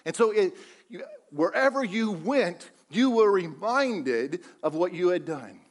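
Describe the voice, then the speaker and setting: High-voiced preaching man. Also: lively intonation, a little slow. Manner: emphatic preaching with repeated phrases and rhetorical questions. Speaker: pastor. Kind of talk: sermon.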